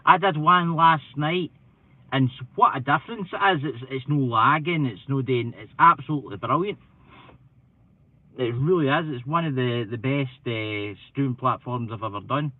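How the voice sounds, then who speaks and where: A man's voice: medium pitch, normal speed, dry recording. Scottish man, live-stream chatter, rambling, self-deprecating, slightly stuffy from hay fever, tinny phone-like audio. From Scotland. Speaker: paranormal channel live streamer. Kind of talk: casual live-stream chat. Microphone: computer mic. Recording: tinny phone-like sound, dry.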